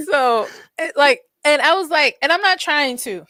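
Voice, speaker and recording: A woman hosting a podcast, telling a story in an animated, blunt way, swearing freely and acting out quotes. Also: sits high, moderate pace, no room sound. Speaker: podcast host. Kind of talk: casual storytelling chat.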